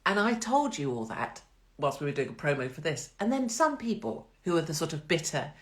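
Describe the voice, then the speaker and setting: A woman's voice: low-pitched, big pitch swings, brisk. A middle-aged woman hosting a casual live-stream chat, talking in a chatty, blunt, sarcastic way and laughing often. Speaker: host.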